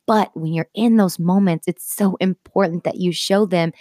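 A woman's voice: fairly low pitch, steady tone, normal speed, few pauses, warm tone, dry recording, studio quality. A woman in her thirties hosting a podcast, giving an earnest, heartfelt talk of faith-based encouragement with casual asides. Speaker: podcast host.

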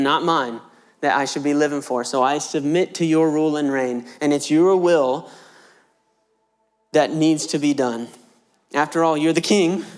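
A man preaching a conversational sermon, asking rhetorical questions and explaining scripture in plain, everyday words. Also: fairly high pitch. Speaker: pastor.

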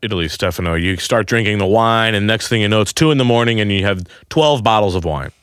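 A man's voice: lowish voice, quick pace, a bit bright, clear, resonant tone, no room sound, clean studio sound. A man hosting a casual podcast chat, reading listener comments and laughing often. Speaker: podcast host.

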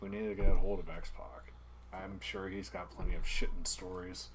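A man with a lowish voice, co-hosting a podcast in loose casual chat. He teases his partner and keeps steering the talk toward crude jokes. A faint hiss sits under his voice. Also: level tone, moderate pace. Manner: teasing, crude joking banter. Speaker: podcast co-host.

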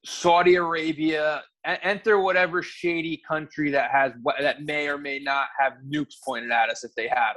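A man from the United States in casual, profane, animated chat as a podcast co-host. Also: on the high side, moderate pace, hardly any pauses.

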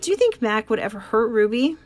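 A woman voicing a gentle, eager young schoolgirl in an audiobook, earnest and quick to plead. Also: on the high side, sing-song. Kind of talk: audiobook character voice.

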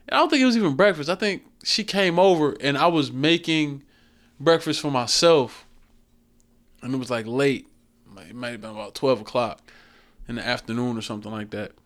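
A man's voice: mid-range voice, normal speed. A man in his thirties telling a story in casual podcast chat, acting out the voices and laughing often. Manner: animated storytelling, acts out voices and laughs a lot. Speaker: podcast co-host.

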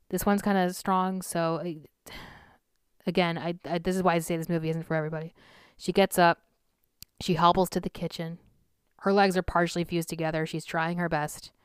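A woman's voice: lowish voice, clear, resonant tone, no room sound, studio quality. A woman recapping and reviewing a film in a casual, rambling way, with lots of fillers, restarts and sighs. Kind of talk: casual spoken movie recap.

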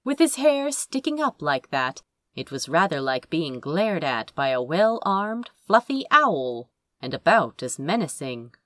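A woman reads a fantasy story aloud with unhurried pacing and a lively, swooping melody. Her voice sits a little low and sounds dry and close, with no room echo. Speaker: narrator. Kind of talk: expressive audiobook narration.

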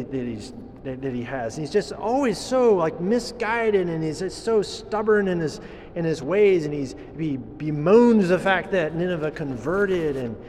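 Chatty priest in an echoey church. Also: male voice, on the high side, darkish tone, a little hiss or hum. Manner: conversational, halting with many restarts. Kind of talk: homily.

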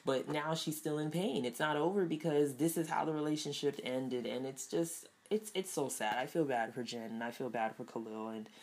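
A woman's voice: very deep voice, moderate pace, few pauses, a little mellow. A woman casually reviewing a TV episode, chatty, with lots of fillers and frequent laughs. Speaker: TV show reviewer.

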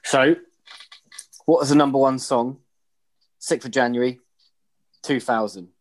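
A man quizzing his friends in loose, sweary banter. His voice sits at an ordinary middle pitch and he keeps the tone jokey. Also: measured pace. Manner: teasing, swears freely. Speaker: quiz host among friends. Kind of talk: casual banter.

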